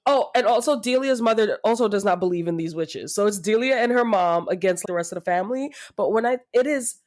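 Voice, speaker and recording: A woman's voice: mid-range voice, animated, brisk, a little mellow. A woman co-hosting a podcast, gushing in casual chat and laughing often. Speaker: podcast co-host. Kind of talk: casual book-review chat.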